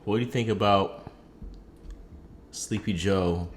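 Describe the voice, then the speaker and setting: Low-voiced podcast co-host, asks questions, echoey room. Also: male voice, slow, slight background noise. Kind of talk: casual podcast chat.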